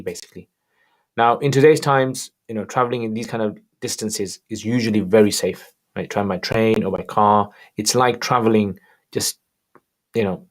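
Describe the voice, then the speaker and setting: This is a mid-range male voice from a livestream where he fields questions about religion. He voices each viewer's question himself, then replies in a laid-back, casual way.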